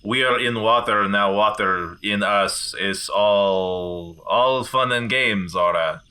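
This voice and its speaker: A man voicing an old male wizard with a thick accent and slow, broken English. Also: fairly low pitch, bright, forceful tone, clean tone, voice pushed down, full character voice. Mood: deadpan.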